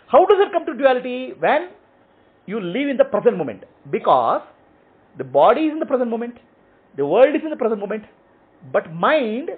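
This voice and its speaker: This male spiritual teacher has a high, lively, husky voice and keeps asking "okay?" as he teaches and fields questions. His explanations come in short, repeated phrases, heard through tinny, phone-like audio.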